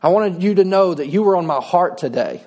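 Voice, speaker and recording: A man's voice: high-pitched, lively intonation, brisk, darkish tone. A middle-aged man, preaching a sermon in a folksy, conversational way with touches of humor. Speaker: pastor.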